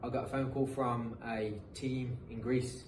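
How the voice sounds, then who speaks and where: A man's voice: medium pitch, little pitch movement, unhurried, distant mic. Rambling British man in an echoey room. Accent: British English, mixed with some American. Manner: rambling, repeats himself, frequent um and uh. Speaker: guest, professional footballer. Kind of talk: casual podcast storytelling. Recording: echoey room, mic set back, faint noise.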